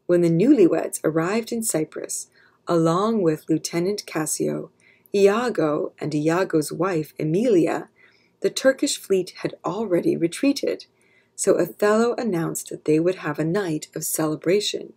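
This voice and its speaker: A woman narrating an abridged classic play as a calm, steady read-aloud story for children. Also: lowish voice, a little slow, breathy edge. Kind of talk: scripted narration.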